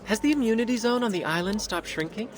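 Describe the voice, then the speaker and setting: An actor voicing a calm, curious male researcher who reasons things out aloud. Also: high voice, fast talker. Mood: musing. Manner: thoughtful, analytical. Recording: game audio with loud music.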